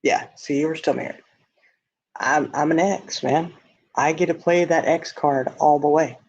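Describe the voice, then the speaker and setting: A fairly high-voiced man with a drawl, chatting on a casual livestream. He reads viewer comments aloud and answers with blunt candor, laughing at his own lines. The audio is dull and lo-fi. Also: steady tone, unhurried, darkish tone.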